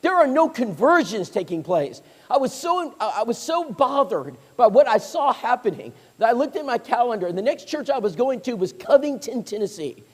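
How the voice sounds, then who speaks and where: A man's voice: very high-pitched, moderate pace, hardly any pauses. A man preaching a sermon, telling stories and acting out the voices of people he quotes. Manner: animated storyteller, acts out quoted voices. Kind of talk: storytelling sermon. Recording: long hall reverb.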